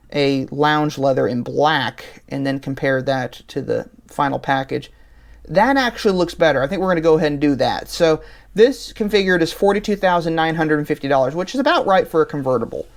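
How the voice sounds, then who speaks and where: Casting: male host, smooth clear voice, relaxed think-aloud voice-over. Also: a little high. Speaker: channel host. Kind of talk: casual voice-over walking through an online car configurator.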